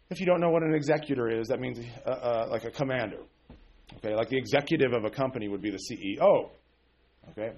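A pastor with a mid-range, slightly mellow, husky voice delivers a conversational sermon. He often poses questions to the congregation and checks in with "okay?"

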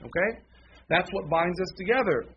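A man's voice: high voice, expressive, normal speed, dull audio, a little hiss or hum. A man preaching a conversational sermon, with many fillers and self-corrections. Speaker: pastor.

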